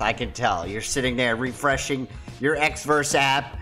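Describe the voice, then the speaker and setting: A man's voice: medium pitch, very animated, normal speed, hardly any pauses, pushed and bright, faint music behind. A man hosting his own video, talking casually and ranting in a mocking way. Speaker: crypto video host. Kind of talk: casual monologue to camera.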